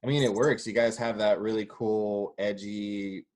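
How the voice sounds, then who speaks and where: Low-voiced man hosting a chatty interview. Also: fairly even intonation, unhurried, a little mellow. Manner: chummy, laughing, joking asides. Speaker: podcast host. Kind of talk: casual interview chat.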